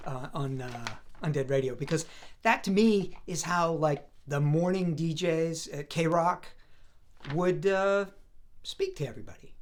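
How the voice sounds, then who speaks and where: A man's voice: a little high, slight background noise. A man in his fifties from the US East Coast, a voice actor chatting casually as a guest over a remote call. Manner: relaxed, rambling, self-deprecating. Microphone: video call.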